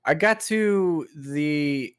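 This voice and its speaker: A young man co-hosting a podcast, chatting casually and retelling game scenes in an animated way. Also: on the high side, very slow, smooth. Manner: animated storyteller, acts out scenes in goofy voices. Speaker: podcast co-host. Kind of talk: casual chat.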